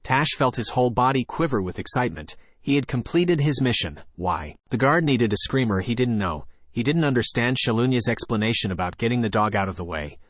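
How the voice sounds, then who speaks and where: A man narrating an audiobook story in a steady reading voice, lightly voicing the characters. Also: lowish voice, a little fast, hardly any pauses, dry recording. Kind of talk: scripted narration.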